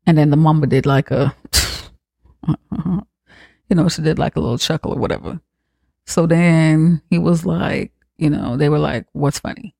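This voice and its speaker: A podcast host giving a comic, profane recap of a film, acting out the characters' lines with lively swings. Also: medium pitch, brisk, gravelly, no echo, clean studio sound. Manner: profane, animated retelling with acted-out quotes.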